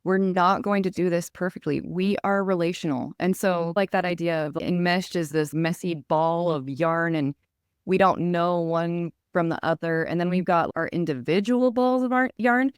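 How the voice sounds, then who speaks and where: A woman's voice: on the low side, moderate pace, clear, resonant tone, dry recording, studio quality. A woman hosting a casual podcast conversation, explaining ideas and often checking in with "right?".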